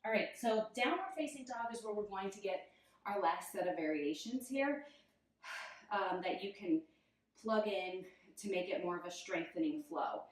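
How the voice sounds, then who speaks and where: A woman's voice: medium pitch, lively intonation, moderate pace. Breathless, giggly woman yoga teacher. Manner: giggly, self-deprecating, chatty. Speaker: yoga instructor. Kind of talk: guided yoga instruction while demonstrating. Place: room, instructor moving on a mat. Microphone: camera mic at a distance. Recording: very echoey room, voice from far off.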